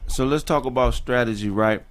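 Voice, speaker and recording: A man's voice: mid-range voice, brisk, faint music behind. A man hosting a casual podcast interview, asking questions and giving short affirmations. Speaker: podcast host.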